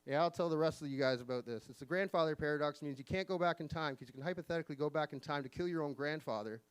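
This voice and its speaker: A man in his forties doing an open-mic stand-up set, delivering deadpan one-liners with sudden pitch jumps on the punchlines. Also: rapid-fire, smooth. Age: 40s. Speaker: stand-up comedian. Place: live comedy venue.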